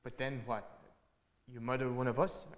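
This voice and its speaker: A man's voice: medium pitch, little pitch movement, normal speed, close to an everyday voice. An actor playing a chatty, brash cab driver who teases his passenger, in a stage play reading. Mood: nervous. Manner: brash, teasing. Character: wisecracking male New York cab driver, nosy and chatty. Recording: reverberant theatre recording.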